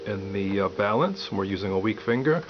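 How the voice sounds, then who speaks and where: A man giving a piano lesson, calmly explaining step by step and counting aloud. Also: fairly low pitch, normal speed. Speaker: piano teacher. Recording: dull lo-fi audio with loud piano.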